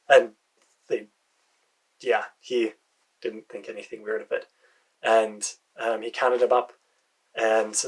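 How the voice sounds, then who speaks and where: Husky American man telling a story. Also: on the low side, level tone, a little slow, long pauses, low-quality recording. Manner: hesitant, with fillers and soft muttered asides. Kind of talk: first-person fantasy storytelling.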